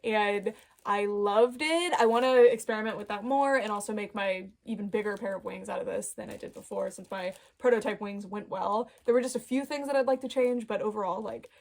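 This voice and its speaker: A woman casually chatting in a home vlog, excitable and gushing, laughing often, filmed on a phone. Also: a little high. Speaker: doll vlogger. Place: home room. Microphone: phone camera.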